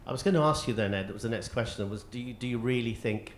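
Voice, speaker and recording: A man's voice: mid-range voice, fast, a little hiss or hum. A man interviewing an author on stage, asking admiring questions.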